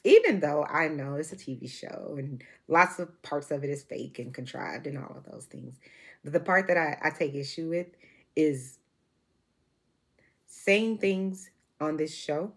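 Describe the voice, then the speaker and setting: Speaking to camera with a deep, breathy voice, a female vlogger in her forties gives an emphatic, emotional monologue. She keeps repeating herself and starting her sentences over.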